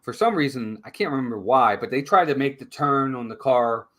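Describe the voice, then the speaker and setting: A man co-hosting a casual live-stream movie review, retelling scenes in an animated way. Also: medium pitch, brisk.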